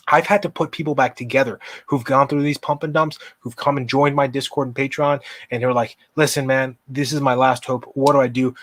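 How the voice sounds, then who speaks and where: A man hosting a live stock market show, speaking in an impassioned, emphatic way as he walks viewers through charts and answers chat. His voice sits at an ordinary middle pitch. The sound is close and dry. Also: husky, no room sound. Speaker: livestream stock market host.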